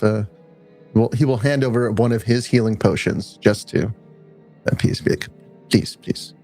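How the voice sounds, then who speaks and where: A man playing a tabletop game online, rambling with fillers as he describes what his character does. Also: a little mellow. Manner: rambling, many fillers, acts out lines in a high voice. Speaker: player.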